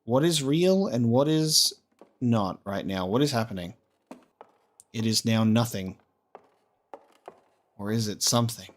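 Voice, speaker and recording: A man giving casual let's play commentary on a video game, excitable and full of exclamations and swearing. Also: medium pitch, measured pace, pauses often. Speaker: gaming streamer. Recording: game music behind the voice.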